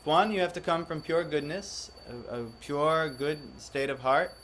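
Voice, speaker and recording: A man's voice: on the high side, moderate pace, a bit bright, slight background noise. A man giving a devotional class to a live audience, often questioning the listeners and acting out the voices he quotes. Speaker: spiritual teacher.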